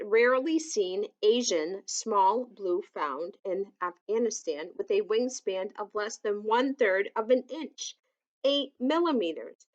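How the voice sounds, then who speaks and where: A woman reading a children's picture book aloud, gently adding asides that explain things to young listeners. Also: fairly high pitch, highs cut off.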